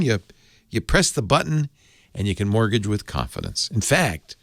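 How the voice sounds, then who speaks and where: A man with a low voice hosts a tech podcast. His delivery is animated and salesy, with pitch swooping widely. The sound is dry and close. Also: dry recording. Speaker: podcast host. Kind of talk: ad read and casual chat.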